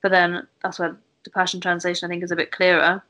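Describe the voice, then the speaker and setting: A woman leading a casual Bible study discussion in a thoughtful, gently guiding way. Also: lowish voice, monotone, quick pace. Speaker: Bible study group leader.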